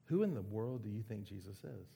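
A man preaching an earnest, emphatic sermon with dramatic pauses. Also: lowish voice, lively intonation, creaky, dark tone, a little hiss or hum. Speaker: pastor.

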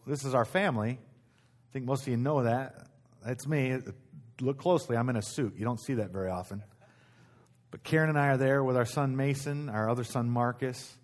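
A middle-aged male pastor delivering a sermon in a church auditorium. He talks in an easygoing, conversational way at an ordinary pitch, repeating his key phrases and often restarting mid-sentence. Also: moderate pace.

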